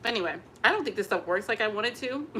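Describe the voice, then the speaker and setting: An expressive woman talking casually to camera from home, her voice sitting at an ordinary middle pitch. She speaks openly and emotionally, chatty and candid. A faint hum of noise sits under her voice. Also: fast. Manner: chatty and emotionally expressive, breaks into gospel singing. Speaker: vlogger.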